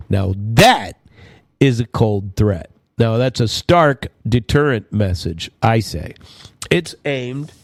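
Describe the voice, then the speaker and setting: A man hosting a podcast, giving blunt, rambling political commentary and slowing down to stress phrases. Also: fairly low pitch, dark tone, no echo, clean studio sound. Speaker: podcast host. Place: home studio.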